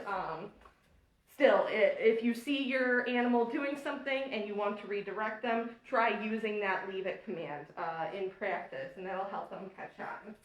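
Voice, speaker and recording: A woman's voice: mid-range voice, fairly bright tone. A woman dog trainer explaining walking techniques in a casual, chatty way, with firm, short commands to the dog. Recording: echoey room, mic at a distance.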